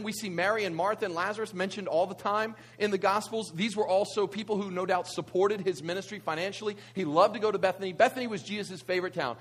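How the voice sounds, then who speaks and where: A man's voice: high voice, fairly bright tone. A man, preaching a conversational sermon full of rhetorical questions and asides. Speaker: pastor.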